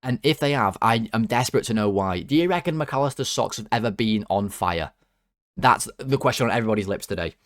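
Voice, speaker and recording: A man hosting a football fan channel, giving casual player ratings in an excitable, jokey and rambling way. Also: fairly low pitch, fairly quick, dry recording, studio quality.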